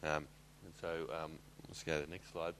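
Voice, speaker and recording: A man, giving an informal slide presentation in a halting way, with many fillers. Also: a bass voice, level tone, a bit bright, clean tone, poor audio.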